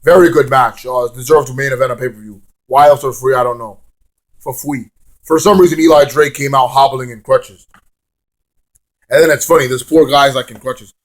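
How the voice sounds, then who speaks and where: A man's voice: medium pitch, fairly even intonation, normal speed. A man giving a casual, rambling, sarcastic vlog review of a wrestling show, swearing freely.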